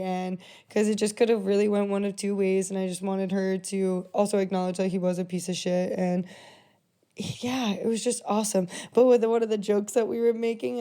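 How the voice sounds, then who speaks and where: A young woman hosting a podcast, telling a personal story in a casual, profane, animated way with frequent laughter. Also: medium pitch. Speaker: podcast host.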